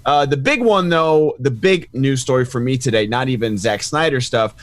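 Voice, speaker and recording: A man chatting on a panel, enthusiastic and quick with jokes. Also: mid-range voice, no room sound. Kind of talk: casual panel chat.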